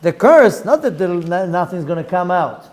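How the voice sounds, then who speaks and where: A man teaching as a rabbi, giving a slow explanatory class and stressing points by repeating phrases. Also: sits high, sing-song.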